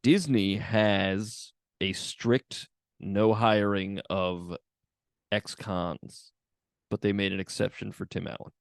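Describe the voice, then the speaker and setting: A man's voice: fairly low pitch, steady tone, slow pace, gravelly, no room sound, studio quality. A man who teaches, co-hosting a podcast in casual chat, laid-back, swearing and laughing often.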